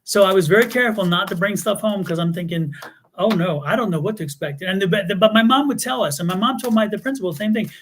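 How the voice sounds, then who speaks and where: A man's voice: high-pitched, fast, few pauses, a little hiss or hum. A man co-hosting a live tarot stream, telling stories in casual chat. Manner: animated storyteller. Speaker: tarot reader co-host.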